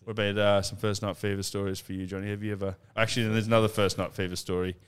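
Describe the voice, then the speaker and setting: A man's voice: fairly low pitch, level tone, very fast, smooth. A man with an Australian accent telling a laughing, swear-filled rugby tour story on a casual podcast. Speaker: podcast co-host.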